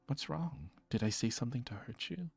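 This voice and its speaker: A man voicing a gentle, caring woman who speaks softly and tenderly. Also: lowish voice, big pitch swings, measured pace, gravelly, slightly rough, soft background music, full character voice. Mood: worried. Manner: soft, hushed, tender. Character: gentle, caring woman guardian, soft-spoken.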